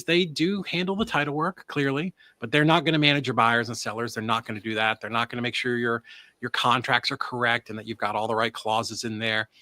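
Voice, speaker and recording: A man, a business owner, pitching his service in a casual, energetic live webinar, often asking "right?" and letting a swear slip. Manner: animated delivery, swears. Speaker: transaction coordination business owner.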